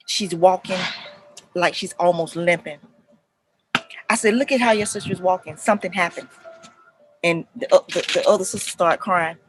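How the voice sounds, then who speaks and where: Woman, middle-aged, animated storyteller, mid-pitched, y'all talk. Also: noisy background. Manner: animated retelling, acts out voices, addresses viewers as y'all. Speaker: counselor and life coach speaking to parents. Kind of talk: casual talk to camera, storytelling.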